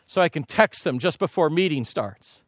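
A middle-aged man delivers a sermon in a relaxed, conversational way, throwing rhetorical questions and asides at his listeners. His voice sits high for a man. The recording is close and dry, with no room echo. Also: moderate pace. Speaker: preacher.

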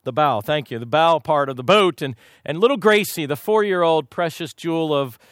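This sermon comes from a man from Kansas whose voice is fairly high-pitched, heard at normal speed in studio quality with no echo. He fills it with lively, humorous, folksy stories drawn from his own life.

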